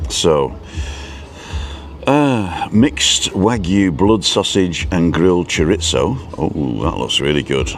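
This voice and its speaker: A man's voice: deep voice, expressive, slow pace. A man hosting a casual live stream outdoors at a viewpoint cafe, reading a menu aloud and chatting with viewers.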